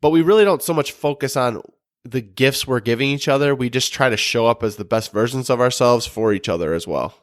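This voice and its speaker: A man co-hosting a relationship podcast, talking in an earnest, relaxed way with many restarts. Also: mid-range voice, brisk, no room sound, clean studio sound. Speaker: podcast co-host. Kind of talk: casual advice talk.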